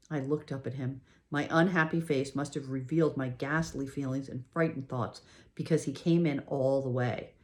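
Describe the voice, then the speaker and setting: Woman audiobook narrator, very low voice, expressive, emotional, first-person storytelling. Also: normal speed. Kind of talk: scripted narration.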